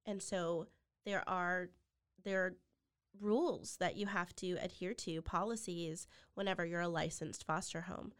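Woman, foster mom on a podcast, lowish voice, emotional and earnest. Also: fairly even intonation, a little slow, a bit bright, clear, resonant tone. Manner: heartfelt, drops to near-whispers when quoting others. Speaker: guest, foster mother. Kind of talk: emotional personal storytelling.

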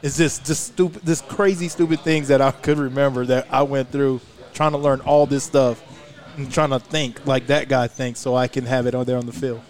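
A former player, male with a mid-range, darkish voice and a level tone at normal speed, talks in a casual podcast chat recorded live at a restaurant. He is emphatic and fired up, swearing freely.

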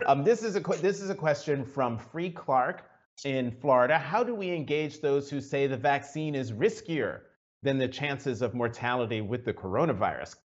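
A man hosts an interview over a video call, asking open questions in a relaxed, conversational manner and adding personal asides. The sound is dull and lo-fi, as video calls often are. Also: mid-range voice, normal speed.

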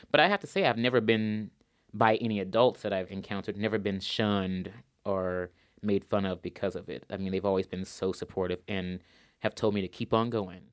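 A man's voice: lowish voice, a bit bright, clean tone, no room sound, clean studio sound. A man, an opera singer, answering interview questions in an earnest, thoughtful way and repeating words for emphasis.

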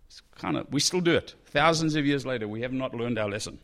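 A man preaching a sermon in a conversational, animated way, breaking into exclamations as he reads and explains a passage. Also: medium pitch, fast. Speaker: pastor.

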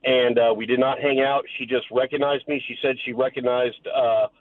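A man's voice: mid-range voice, little pitch movement, normal speed. A man calling in to a radio show, telling a personal story in a matter-of-fact, wry way. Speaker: caller. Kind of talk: telling a story on a phone call. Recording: dull lo-fi line with faint noise.

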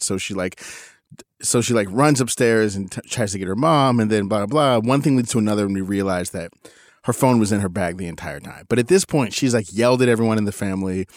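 A man's voice: quick pace, no echo, clean studio sound. A man in his forties telling a casual story about his teenagers, acting out the quotes with sudden leaps in his voice. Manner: animated, acts out quotes with big pitch jumps. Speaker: podcast co-host.

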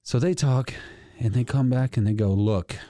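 A man telling a story in casual chat on a podcast, animated and laughing often. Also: medium pitch, normal speed, dry recording, studio quality. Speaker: podcast co-host.

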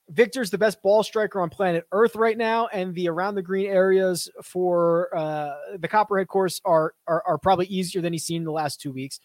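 Young male stream host, high-pitched, dry close sound, chatty and self-deprecating. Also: dry recording. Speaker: host of a fantasy golf stream. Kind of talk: casual live-stream Q&A reading chat.

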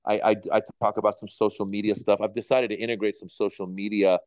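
Fifty-something man, smooth low voice. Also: quick pace, no echo. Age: 50s. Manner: animated, acts out voices in anecdotes. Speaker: comedian guest. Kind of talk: relaxed interview storytelling.

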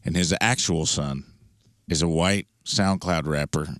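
American man, very low voice, dry close sound, jokey storyteller. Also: a little slow, a bit bright, dry recording. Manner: jokey storyteller, puts on voices in his bits. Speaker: radio co-host. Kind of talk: casual comedic chat.

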